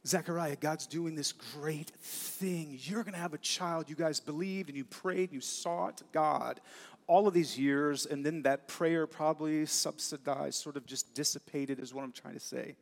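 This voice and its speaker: A man's voice: a little high, a little slow, gravelly. A man preaching a sermon, earnest and conversational, with casual asides, in a church sanctuary. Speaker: pastor. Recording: long hall reverb.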